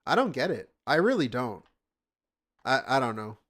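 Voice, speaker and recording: A man's voice: medium pitch, sing-song, normal speed, fairly bright tone. A man reacting to stream clips with sarcastic, incredulous commentary and frequent swearing. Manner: mocking, incredulous, swears often.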